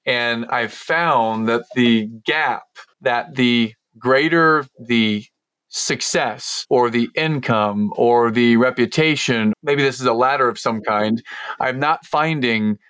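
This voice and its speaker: Man, podcast host, reflective, measured, mid-pitched, dry close sound. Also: fairly bright tone, smooth, no echo. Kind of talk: conversational podcast talk.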